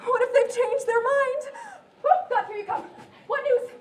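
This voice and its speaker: A woman's voice: very high-pitched, measured pace. Actress playing an eager young woman in love. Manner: impatient, pleading. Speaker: stage actor. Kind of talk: live outdoor theater acting and singing. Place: outdoor stage. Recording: distant echoey live stage recording with music.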